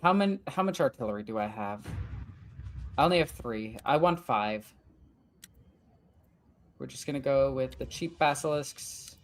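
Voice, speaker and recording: A woman's voice: extremely low pitch, animated, normal speed, pauses often. Frustrated woman thinking aloud over a game. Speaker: gaming channel host. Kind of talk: let's play commentary.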